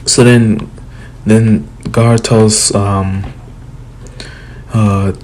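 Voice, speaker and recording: A man's voice: on the low side, little pitch movement, extremely slow, a little mellow, slight background noise. A young man casually retelling a fan story, rambling with restarts.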